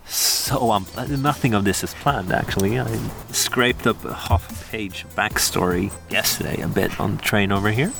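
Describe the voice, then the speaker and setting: A man's voice: on the low side, moderate pace, gravelly, hardly any pauses. A man rambling to himself outdoors in a dry, offhand way. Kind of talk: rambling solo aside. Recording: music playing behind.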